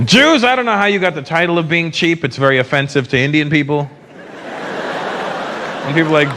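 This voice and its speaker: A man doing a stand-up comedy routine on a live stage, animated and slipping into mocking impressions. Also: on the high side, fairly quick. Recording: live show with loud audience and noise.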